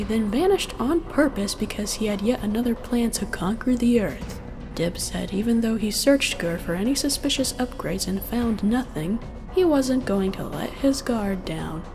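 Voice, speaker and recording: A woman reading an audio fan fiction aloud in the first person, with a wry, sardonic storytelling manner. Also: medium pitch. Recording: long reverb with faint music.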